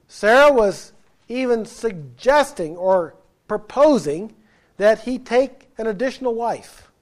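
A man preaching a sermon, emphatic and asking his listeners questions as he explains scripture. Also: high voice. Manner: emphatic, asks the congregation questions.

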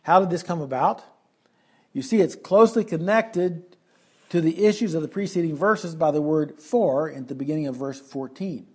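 A man preaching an expository Bible lesson, slowing down to stress key phrases. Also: a little high, a little mellow, husky.

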